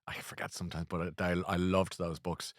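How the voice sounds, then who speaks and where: A man's voice: low-pitched, little pitch movement, fairly quick, no echo, clean studio sound. A man hosting a casual chat show, rambling and self-deprecating with lots of restarts. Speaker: host.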